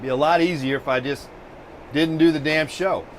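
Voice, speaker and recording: Male host, casual live-stream chatter, swears freely, exasperated, fairly high voice, faint hum of air conditioning behind. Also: steady tone, moderate pace. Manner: profane, exasperated ranting.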